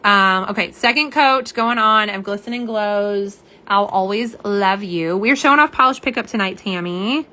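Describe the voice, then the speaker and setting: A tired woman hosts a casual nail polish livestream, chatting warmly and reading viewer comments aloud. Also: mid-range voice, normal speed, hardly any pauses. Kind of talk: casual live-stream chat.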